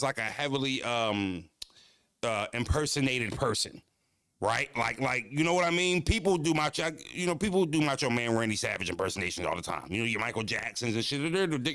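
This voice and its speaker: A male streamer chats through his reactions, laid-back and swearing freely. His mid-pitched voice has a gravelly edge, and the sound is close and dry. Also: animated, moderate pace, a bit bright, no room sound. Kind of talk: casual reaction chat.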